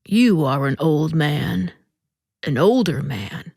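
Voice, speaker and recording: A woman hosting a podcast, reading a short story aloud in a slow, deliberate way that dips into soft whispers. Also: deep voice, lively intonation, breathy edge, no room sound, clean studio sound.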